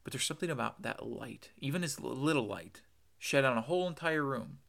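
A man's voice: medium pitch, animated, a little fast, vocal fry, a bit bright. A man delivering an earnest podcast sermon, quoting scripture and stressing his points with repetition. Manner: earnest, emphatic, quotes scripture, repeats words. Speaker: preacher.

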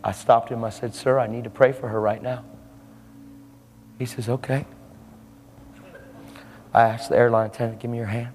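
A man's voice: medium pitch, level tone, moderate pace, pauses often, a little mellow, long reverb tail, slight background noise. A man preaching a sermon, telling a story and acting out the lines of the people in it.

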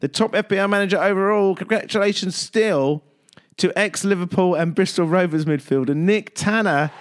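A man's voice: normal speed, smooth. A man hosting a casual radio sports chat, jokey and upbeat. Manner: jokey, upbeat, lively swings in pitch. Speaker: host.

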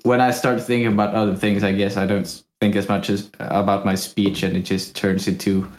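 A man's voice: fairly low pitch, little pitch movement, brisk. Playful young Swedish man, echoey room. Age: young adult. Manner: playful, jokey, fond of bits. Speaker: podcast co-host. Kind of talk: casual chat. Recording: roomy echo.

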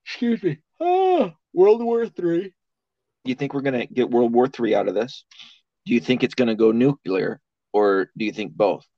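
A man's voice: mid-range voice, sing-song, moderate pace, dark tone, dry recording. A man in casual podcast chat, talking in a rambling, profane way and laughing often. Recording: dull lo-fi sound.

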